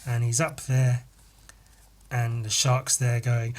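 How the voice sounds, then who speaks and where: A man hosting a podcast, casually retelling a picture story in an animated, sweary, laughing way. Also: medium pitch, slow. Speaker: podcast host.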